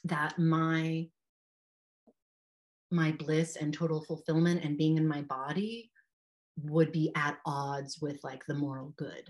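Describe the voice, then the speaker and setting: A woman in her thirties with a notably low voice speaks as a podcast guest. She tells a personal story candidly and with feeling. Her casual phrasing is full of "like" and quick asides. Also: flat delivery. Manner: heartfelt, frank, peppered with "like".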